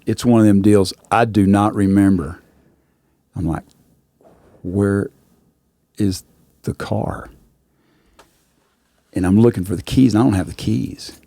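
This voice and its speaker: A man's voice: on the low side, moderate pace, long pauses, warm tone, no room sound. A man, telling a rambling anecdote in a drawling voice and repeating "I said" often. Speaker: rodeo announcer and guest. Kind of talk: casual storytelling.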